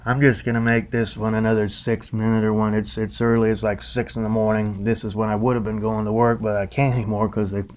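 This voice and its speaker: A man's voice: lowish voice, little pitch movement, fast, few pauses, darkish tone, smooth. A grown man vlogging, telling a nightmare in a loose, rambling way full of fillers and restarts. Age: adult. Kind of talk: rambling casual monologue.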